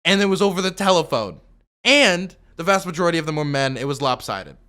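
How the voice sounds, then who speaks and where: Brief: male streamer with a bright, slightly high voice, rebutting a video in a loose, argumentative way. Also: expressive, a little fast. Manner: argumentative, rebutting with repeated objections; loose, full of fillers and restarts. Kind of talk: commentary.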